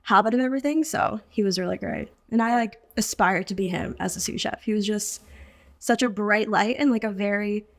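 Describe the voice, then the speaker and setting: A woman's voice: medium pitch, fairly quick. A woman co-hosting a casual podcast, a cook speaking admiringly and saying "like" often. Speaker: co-host and cook.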